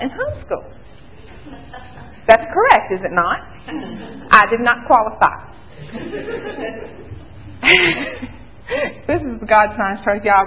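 A woman in her thirties with a Southern American accent gives her personal testimony to a church crowd. She talks in a chatty, joking way and pokes fun at herself. The sound is thin and tinny, as if it came down a phone line. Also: mid-range voice. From Alabama, US. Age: 30s. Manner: chatty, joking, self-mocking storyteller. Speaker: missionary nurse speaking to a church.

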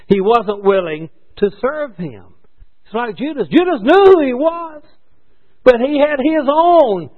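High, lively male preacher. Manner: conversational, rhetorical questions, corrects himself. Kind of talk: sermon. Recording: dull lo-fi recording.

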